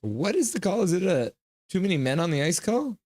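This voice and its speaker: A man hosting a live hockey reaction stream, reading chat messages aloud, joking and reacting loudly to goals. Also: high-pitched, brisk, dry recording. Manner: excitable, reads chat aloud and jokes.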